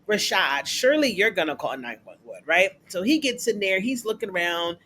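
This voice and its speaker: A TV recap reviewer who chats casually through an episode. They talk in a loose, colloquial way and jump up in pitch when acting out the characters' lines. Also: big pitch swings, brisk, a bit bright, slight background noise. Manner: chatty, colloquial, acts out characters' lines in a raised voice.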